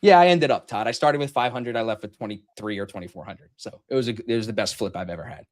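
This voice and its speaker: A man's voice: on the low side, fast. A man telling a long gambling story in casual chat, swearing freely and acting out what people said. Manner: animated, profane storytelling, acts out quotes loudly. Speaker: podcast host telling a story.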